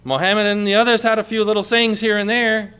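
Bright high-voiced male preacher. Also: little pitch movement, a little fast, smooth. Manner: emphatic, repeats phrases for effect, drops to a hush for quoted lines. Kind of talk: sermon.

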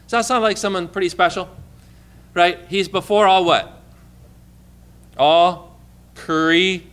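A man's voice: high-pitched, takes it slowly, fairly bright tone, smooth. A man preaching a sermon, reading scripture aloud and quizzing his congregation with questions. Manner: asks the congregation questions and prompts answers; reads scripture aloud with emphatic stress.

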